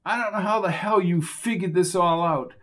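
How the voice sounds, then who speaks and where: Pushing his voice up into a high, somewhat bright register, a man reads as a determined male investigator in an audiobook. At a moderate pace, the character comes across blunt, impatient, insistent and exasperated.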